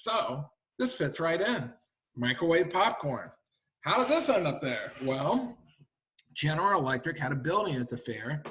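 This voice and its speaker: A man's voice: mid-range voice, fairly bright tone. Chatty man giving a history talk. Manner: chatty, addresses audience with rhetorical questions and "all right?". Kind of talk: lively public history lecture. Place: library talk room.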